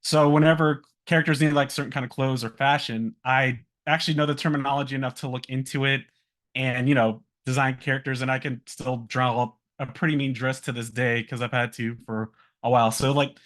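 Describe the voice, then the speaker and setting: A man in his thirties talks loosely and casually at a middle pitch, stacking up fillers and restarts. He laughs lightly now and then, and his voice sits in an ordinary register. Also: steady tone, fairly quick, fairly bright tone. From Virginia, US. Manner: rambling, many fillers and restarts, laughs while talking. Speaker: guest speaker, animator. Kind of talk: casual talk about career.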